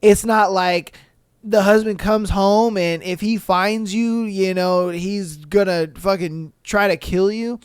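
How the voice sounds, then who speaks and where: A man's voice: sits high, steady tone, takes it slowly, smooth, no echo, studio quality. A man hosting a podcast, reading listener stories aloud and reacting in a laid-back, chatty way with crude jokes. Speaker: podcast host.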